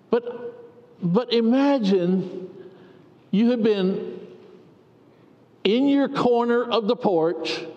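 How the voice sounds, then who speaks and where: A man preaching a sermon, telling stories in a folksy way with long pauses. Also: high voice, dark tone. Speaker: pastor. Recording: dull echoey hall recording.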